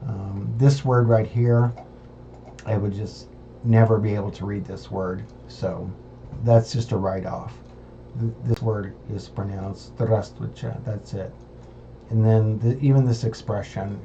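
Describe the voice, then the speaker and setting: An American man with a low, mellow voice works slowly through his study material, pausing often and repeating sounds as he thinks aloud. The recording is a little dull, with a faint hiss underneath. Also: steady tone, vocal fry. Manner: halting, thinking aloud while sounding out words. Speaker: language learner. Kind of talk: self-recorded study session.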